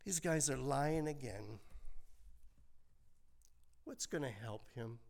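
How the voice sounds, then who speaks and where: Old guy in his 70s preaching, gravelly, takes his time, lots of "don't you love" questions. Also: mid-range voice, animated, darkish tone. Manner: slow, conversational preaching with rhetorical questions and folksy asides. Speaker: pastor. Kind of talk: sermon.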